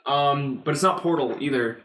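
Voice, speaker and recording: A man's voice: mid-range voice, normal speed, a bit bright, a little hiss or hum. Young dude rambling about games, laughs a bunch, roomy echo on his mic. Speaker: podcast co-host. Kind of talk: casual chat.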